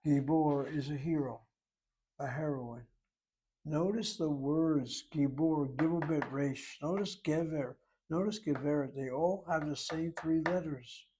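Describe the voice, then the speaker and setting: A man's voice: on the high side, measured pace, warm tone, husky. A man teaching a Hebrew grammar lesson, explaining each word methodically letter by letter.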